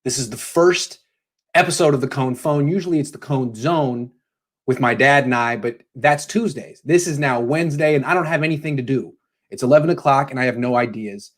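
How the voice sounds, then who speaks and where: A man's voice: mid-range voice, brisk. A man hosting a casual call-in show from home, talking loosely and joking as he takes callers. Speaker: host.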